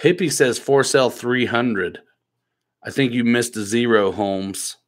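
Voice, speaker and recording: A man's voice: medium pitch, unhurried. A man hosting a live stream in a laid-back, joking way, reading viewer comments aloud and teasing the people in the chat.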